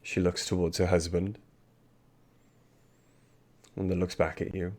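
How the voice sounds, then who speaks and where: A very deep male voice narrates a tabletop roleplaying session as game master. His delivery is loose and rambling, full of asides and restarts as he describes the scene to his players. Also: flat delivery, a little slow, darkish tone.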